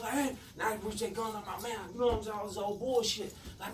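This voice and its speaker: A man telling a profane story to friends, acting out the quotes and swinging between loud and quiet. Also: sits high, steady tone, brisk. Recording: echoey room, far from mic, noisy.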